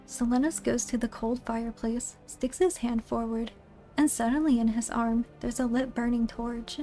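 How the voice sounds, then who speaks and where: A woman's voice: a little high, steady tone, normal speed, dark tone, soft background music. A woman narrating a spooky play aloud, reading the stage directions in a plain storybook way.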